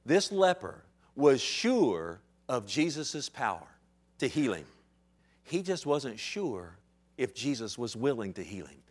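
A man's voice: mid-range voice, very animated, slow pace. A man in his thirties preaching a sermon, conversational and building to emphatic points. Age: 30s. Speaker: pastor.

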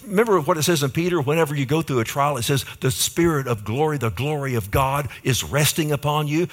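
Folksy older preacher. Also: male voice, on the high side, fairly bright tone. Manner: folksy, rambling, asks the congregation "Amen?". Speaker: pastor. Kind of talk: sermon with storytelling.

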